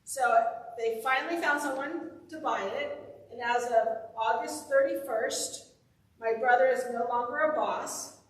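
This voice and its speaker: High-voiced woman preaching in an echoey hall. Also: a little slow, far from the mic, a little hiss or hum. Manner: storytelling, conversational and upbeat. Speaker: minister. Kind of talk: sermon. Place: church sanctuary.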